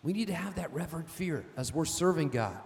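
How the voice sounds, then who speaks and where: A man's voice: a little high, lively intonation, fairly quick. A male pastor preaching a sermon, telling stories with emphasis and asking "amen?". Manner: emphatic, storytelling, calls out "amen?". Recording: long reverb of a church hall.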